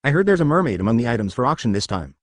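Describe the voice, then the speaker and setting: A man's voice: mid-range voice, big pitch swings, very fast, dry recording. A man voicing a spoiled, arrogant young noble with a whiny, raised voice. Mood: petulant.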